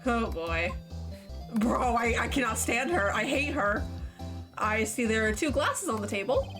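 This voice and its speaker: A woman's voice: on the high side, lively intonation, a little slow. A woman streamer playing a game and commenting casually and playfully, reading the dialogue aloud. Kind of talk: casual let's-play commentary. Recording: game music behind.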